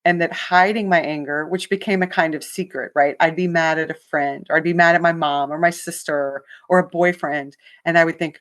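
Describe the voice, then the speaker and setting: A woman guest with a lowish voice speaks frankly and openly in a radio interview. She tells her story with animation and drops into quoted dialogue as she goes. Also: steady tone, a little fast, few pauses, a bit bright. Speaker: author guest.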